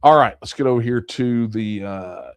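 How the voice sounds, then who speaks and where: A man's voice: medium pitch, normal speed, clean tone, dry recording. A man hosting a casual late-night livestream Q&A, talking loosely and thinking aloud with fillers and restarts. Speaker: livestream Q&A host.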